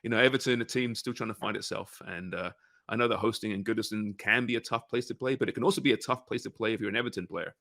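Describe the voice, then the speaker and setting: A man's voice: lowish voice, fast talker, gravelly, a bit bright, dry recording, clean studio sound. A man hosting a casual sports betting podcast, talking conversationally and often tagging his points with "right?" and "you know". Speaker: podcast host.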